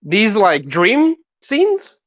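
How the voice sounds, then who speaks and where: A man's voice: high-pitched, huge pitch swings, extremely slow, a bit bright. A young man co-hosting a podcast, chatting in a laid-back way and swearing casually. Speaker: podcast co-host. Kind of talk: casual chat.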